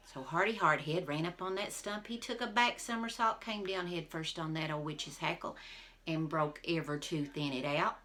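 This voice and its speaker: A woman teacher reading a folk tale aloud to her class, expressive and talking to the listeners directly. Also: low voice, normal speed. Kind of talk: storybook read-aloud for a class.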